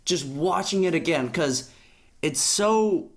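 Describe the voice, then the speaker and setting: A young adult podcast co-host with a slightly high voice chats casually, speaking slowly. He rants in an animated, profane way, and his pitch leaps sharply upward when he gets worked up.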